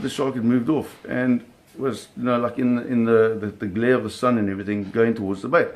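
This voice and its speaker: A man telling a personal story in an animated, vivid way, often restarting his phrases. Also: mid-range voice, fast talker, hardly any pauses.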